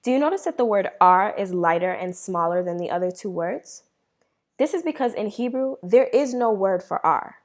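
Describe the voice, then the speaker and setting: Female language teacher, patient and encouraging, quizzes then answers herself, slows down to model words. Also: mid-range voice, lively intonation, a little mellow. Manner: encouraging, asks questions and answers them herself. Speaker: Hebrew teacher. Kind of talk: beginner language lesson.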